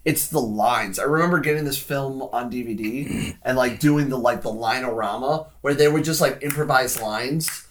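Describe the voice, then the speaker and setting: A man's voice: medium pitch, moderate pace. Rambling man in casual podcast chat. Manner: rambling, heavy use of "like", frequent restarts. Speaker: podcast co-host discussing films.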